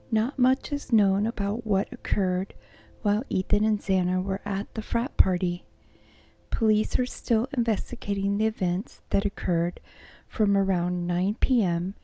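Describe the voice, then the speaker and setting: A woman whispering a true crime account as a soft-spoken ASMR narrator. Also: mid-range voice, gravelly, no room sound, dull audio. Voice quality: unvoiced whisper. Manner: soft-spoken, measured storytelling.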